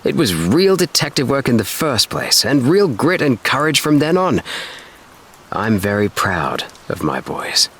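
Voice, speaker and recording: A man voicing a hearty middle-aged detective father, speaking in a pleased, gently lifted tone. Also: mid-range voice, sing-song, a little slow, a little hiss or hum, pitched above the performer's own voice. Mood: proud.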